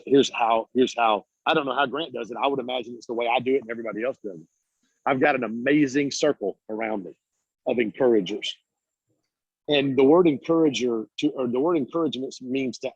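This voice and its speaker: A man giving an energetic, preachy motivational talk on a video call, casual and blunt as he tells stories. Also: mid-range voice, a little fast, slightly rough, dry recording. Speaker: guest speaker, business coach. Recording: dull lo-fi call audio.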